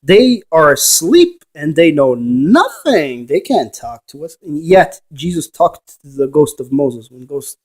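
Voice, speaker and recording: Preachy higher-voiced man lecturing. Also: sing-song, unhurried, few pauses. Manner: argumentative, lectures the viewer with rhetorical questions. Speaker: paranormal investigator. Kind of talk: rambling preachy monologue.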